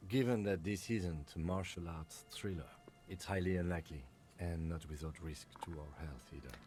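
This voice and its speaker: An actor playing a calm, composed police lieutenant in a video game, speaking in a dry, measured way. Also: male voice, sits low, lightly acted. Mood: matter-of-fact. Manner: dry, measured, matter-of-fact.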